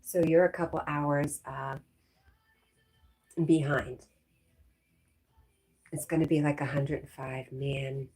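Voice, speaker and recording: Livestream host, woman from Connecticut, lowish and warm, slightly breathy, chatty and easy. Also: steady tone, slow pace, long pauses, faint music behind. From Connecticut, USA. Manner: reads viewer comments aloud, chatty, laughs often. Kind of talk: casual livestream chat.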